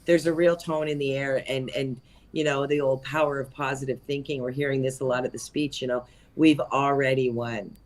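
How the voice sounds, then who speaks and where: A woman's voice: very deep voice, steady tone, moderate pace, hardly any pauses. A woman on a livestream panel, talking casually and chattily, laughing often and trailing off mid-sentence.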